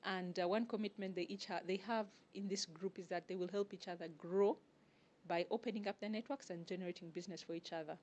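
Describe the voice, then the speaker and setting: A woman, a guest organizer answering interview questions in a measured, explanatory way with frequent pauses. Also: medium pitch, steady tone, darkish tone, lo-fi sound. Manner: measured, explanatory, pauses often to find words. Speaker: guest, networking group organizer.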